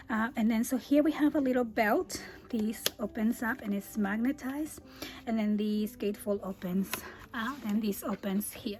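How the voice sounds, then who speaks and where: Female crafter, fairly high voice going breathy and hoarse, relaxed chatty tutorial delivery. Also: poor audio. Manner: chatty, easygoing, frequent um and uh. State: losing her voice, often drops to a breathy whisper. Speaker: scrapbooking crafter. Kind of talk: casual craft album walkthrough.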